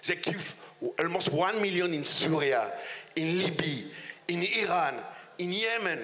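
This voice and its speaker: A man's voice: sits high, expressive, a little slow, pushed and bright. A man with a strong French accent, a native French speaker, giving an impassioned panel speech in broken English with restarts. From France. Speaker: conference panelist.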